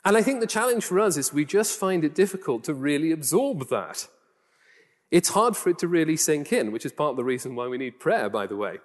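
Male preacher, softened Geordie accent, slightly higher voice, chatty sermon delivery, long hall reverb. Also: big pitch swings, brisk. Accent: Geordie, toned down. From Newcastle, England. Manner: conversational, rhetorical questions, self-deprecating asides.

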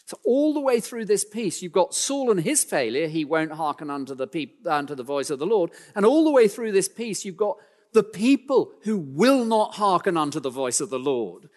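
A man preaching a sermon in an emphatic style, climbing in pitch and force for key points, then dropping low and quiet, with dry self-deprecating asides. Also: big pitch swings, moderate pace, in a large hall.

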